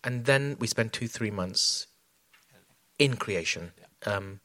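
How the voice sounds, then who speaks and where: A man's voice: fairly low pitch, animated, slow pace, bright, forceful tone, no echo. A man talking as a choreographer in an onstage conversation, reflective, with many fillers and restarts. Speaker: choreographer guest.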